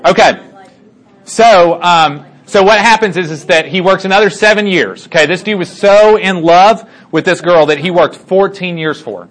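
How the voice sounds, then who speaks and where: A man casually retelling a Bible story to a group as their teacher, animated and chatty, with many fillers and asides. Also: sits high, moderate pace.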